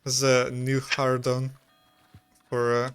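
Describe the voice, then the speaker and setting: A man's voice: medium pitch, monotone, takes it slowly, clean tone, soft background music. A man chatting casually on a game stream, stumbling over words and laughing at himself. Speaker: stream co-host. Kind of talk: casual chat over gameplay.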